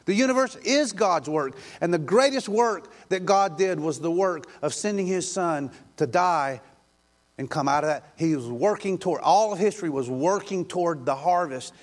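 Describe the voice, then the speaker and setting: A man's voice: fairly high pitch, lively intonation, normal speed. A male pastor preaching a sermon in an emphatic, repetitive way, with rhetorical questions.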